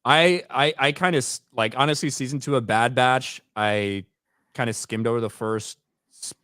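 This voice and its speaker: A man's voice: lowish voice, steady tone, normal speed, a bit bright, dry recording, studio quality. A man co-hosting a livestream chat, talking in a hesitant, rambling way with many restarts. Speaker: co-host.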